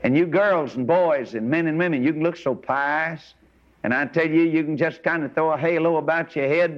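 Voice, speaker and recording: Folksy preacher, lo-fi tape. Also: male voice, a little high. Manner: folksy, emphatic preaching with rhetorical questions. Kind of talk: sermon. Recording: dull lo-fi old sermon recording.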